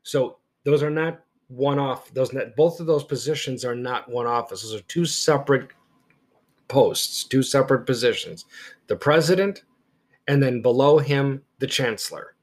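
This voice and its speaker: Male history teacher, deliberate lecture delivery, stresses important words. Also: medium pitch. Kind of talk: lecture-style podcast.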